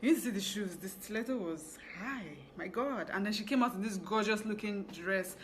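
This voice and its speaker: A woman's voice: medium pitch, a little fast, slight background noise. A young woman with a Nigerian English accent, telling a story from her fashion business in a casual, chatty vlog. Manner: chatty, animated storytelling with asides. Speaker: fashion business owner vlogger.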